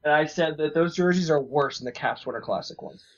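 A man's voice: a little high, a little fast, a bit bright. Young guy co-hosting sports chat, jokey, rambly, muffled lo-fi mic. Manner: joking, rambling, repeats words. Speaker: podcast co-host. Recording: dull lo-fi recording.

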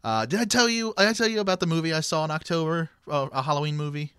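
A man co-hosting a sports podcast in casual chat, talkative and quick to laugh, often restarting his sentences. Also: on the high side, pushed and bright, clean tone, no echo, studio quality. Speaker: podcast co-host.

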